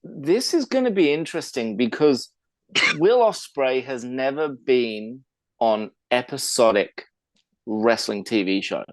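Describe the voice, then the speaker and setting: A podcast co-host from England speaks at a measured pace in an animated mid-range voice. His casual chat is chatty and long-winded, punctuated by fillers and false starts. The audio has no echo.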